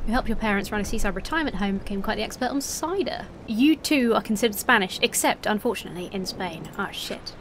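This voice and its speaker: A young woman streams a game she is playing, commenting casually in a wry, sweary way, reading the game text aloud and trying out accents. She talks fast with few pauses, her medium-pitched voice full of lively intonation. Game music plays behind her against a noisy background.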